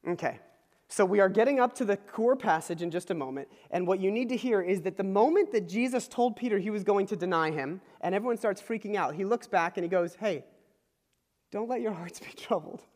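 A man's voice: high voice, a little fast, darkish tone. A man preaching a conversational sermon, informal and explanatory, checking in with his listeners and chuckling as he explains. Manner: informal, checks in with "okay?" asides. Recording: long hall reverb.

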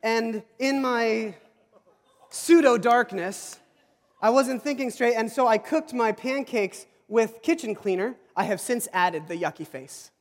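A man's voice: very high-pitched, unhurried. A man preaching a sermon, telling a rambling, self-deprecating personal story with many restarts. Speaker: pastor. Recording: long hall reverb.

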